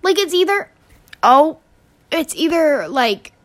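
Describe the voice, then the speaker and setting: A woman's voice: sits high, big pitch swings, slow, a bit bright. A teenage girl ranting casually on her podcast, exasperated and swearing, rambling with restarts. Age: teens. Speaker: student podcaster.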